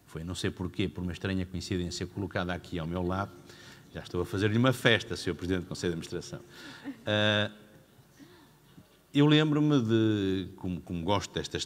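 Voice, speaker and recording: A man speaking as a government minister at a public panel, talking fast and halting with many fillers. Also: low-pitched. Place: large hall or hangar. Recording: long hall reverb.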